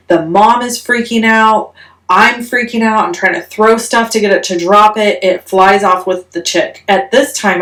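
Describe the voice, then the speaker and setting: A woman vlogger telling a story in a casual, animated, self-mocking way. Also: lowish voice, reverberant, distant mic. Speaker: crafting vlogger.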